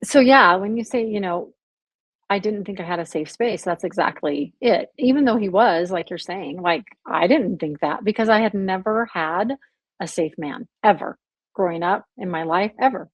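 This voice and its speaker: A woman guest on a podcast, telling her personal story in a candid, animated way. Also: medium pitch, moderate pace, dry recording. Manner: emotional, animated storytelling with laughs and acted quotes. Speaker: podcast guest, abuse survivor.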